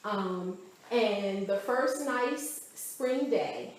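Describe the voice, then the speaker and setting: A woman's voice: mid-range voice, very slow, slight background noise. A woman recounting events in a conversational interview, telling her story with animation and acting out what others said. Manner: animated storytelling, often acting out quoted speech. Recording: very echoey room, faint background ambience.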